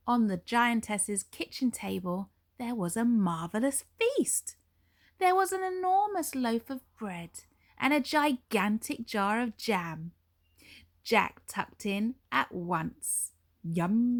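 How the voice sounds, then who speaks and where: A woman teacher, reading a storybook aloud for young children in a slow, expressive way with dramatic pauses. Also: medium pitch.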